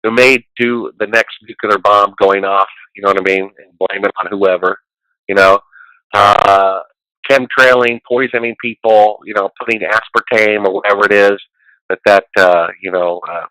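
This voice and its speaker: A man rambles on as a guest, emphatic and preachy, his voice bright and forward. He sits a touch low in pitch, and the sound is close and dry. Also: steady tone, normal speed, no room sound, low-quality recording. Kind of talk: casual conversation.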